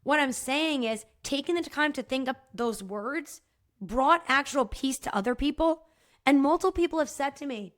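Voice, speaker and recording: A woman with a high voice speaks at a moderate pace as she hosts a solo podcast. She talks frankly and casually, swears now and then, often checks in with "right?", and gets choked up at times.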